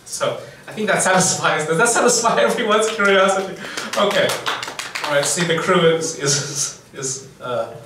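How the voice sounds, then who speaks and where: A man's voice: a little high, normal speed, background noise. A man hosting a livestreamed English lecture, talking casually with frequent fillers and chuckles. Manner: relaxed, chuckling, full of fillers. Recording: echoey room from far off.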